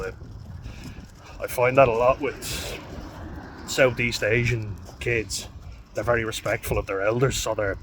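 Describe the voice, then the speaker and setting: A man's voice: fairly low pitch, fairly bright tone, slight background noise. An Irish man who coaches youth rugby, talking casually to camera in a rambling, frank way, with fillers and the odd swear word. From Ireland.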